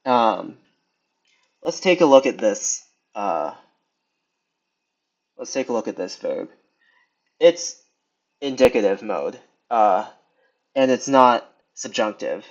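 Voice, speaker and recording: Slow, hesitant young man teaching. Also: medium pitch, expressive. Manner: hesitant, many ums and restarts. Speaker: video tutor. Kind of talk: casual screen lesson. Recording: slightly dull lo-fi sound.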